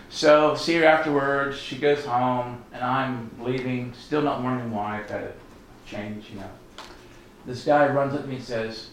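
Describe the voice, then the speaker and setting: A man's voice: mid-range voice, unhurried. A man giving a story-driven sermon, acting out dialogue and laughing often. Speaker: lay preacher, teacher. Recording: very echoey room, faint noise.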